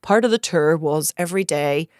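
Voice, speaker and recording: A Northern Irish woman in her thirties, hosting a podcast and telling comic stories in an animated way, acting out quoted voices. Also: deep voice, normal speed, clean tone, dry recording, clean studio sound. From Northern Ireland. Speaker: podcast host. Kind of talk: casual comedic storytelling.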